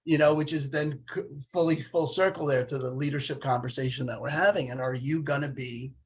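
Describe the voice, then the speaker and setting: A man's voice: medium pitch, fairly quick, slightly rough. A man in his late fifties talking in a casual podcast conversation, telling stories animatedly and acting out the voices of people he quotes. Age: 50s.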